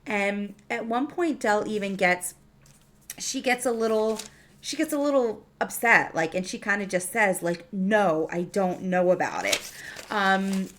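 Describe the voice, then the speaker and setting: A woman's voice: mid-range voice, a little slow, fairly bright tone, a little hiss or hum. A woman reviewing a TV episode in a casual, chatty recap, full of fillers and restarts.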